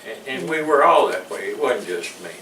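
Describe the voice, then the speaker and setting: A man's voice: medium pitch, expressive, fairly quick, creaky, sharp tone. An older man with a Southern US accent, recalling his military service in a rambling, chuckling interview style. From American South. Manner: rambling storyteller with frequent restarts and chuckles. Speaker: veteran interviewee. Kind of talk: casual oral-history recollection. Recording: echoey room, distant mic, noisy.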